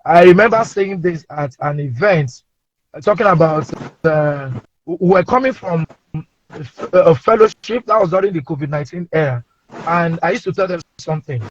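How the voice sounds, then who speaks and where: Nigerian comedian guest, high husky tenor, animated storyteller, muffled call audio. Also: male voice, moderate pace, a little hiss or hum. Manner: animated, playful, acts out voices. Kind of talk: casual anecdotal storytelling. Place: inside a parked car. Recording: dull lo-fi remote audio.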